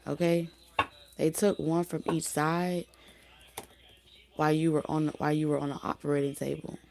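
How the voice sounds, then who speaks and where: A woman giving a casual spoken tarot reading, talking loosely with many fillers and restarts, her voice going hoarse. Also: low-pitched, little pitch movement, normal speed, a little mellow. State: losing her voice. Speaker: tarot reader.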